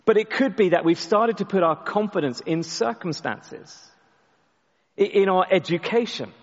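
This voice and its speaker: A man preaching a sermon, telling a story and often restarting his words, sometimes dropping his voice very soft for emphasis. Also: high-pitched, expressive, moderate pace, long reverb tail, lo-fi sound. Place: church.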